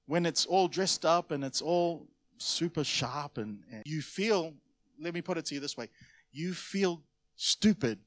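A man preaching a sermon to his church in a conversational way, with sudden loud emphases. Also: fairly high pitch. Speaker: pastor.

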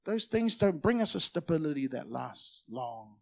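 A male pastor preaching a lively sermon, calling on the congregation to shout back responses. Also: fairly high pitch, moderate pace, creaky. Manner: energetic, audience call-and-response.

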